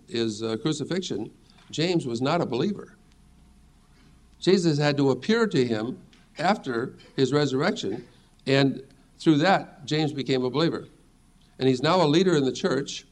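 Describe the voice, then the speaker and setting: A middle-aged man teaching a sermon as a pastor, earnest and reassuring as he reads scripture aloud. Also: mid-range voice.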